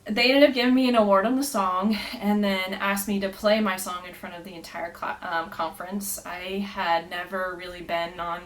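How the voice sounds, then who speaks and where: A woman's voice: medium pitch, steady tone, moderate pace, few pauses, poor audio. A woman guest on a podcast, telling her story earnestly with many fillers and frequent laughter. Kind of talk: casual storytelling.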